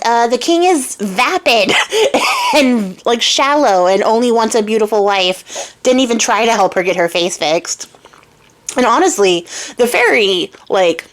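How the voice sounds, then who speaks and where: A woman hosting a craft channel who retells a fairy tale in a chatty, wry, casual way and laughs often. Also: fairly high pitch. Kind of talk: casual storytelling vlog.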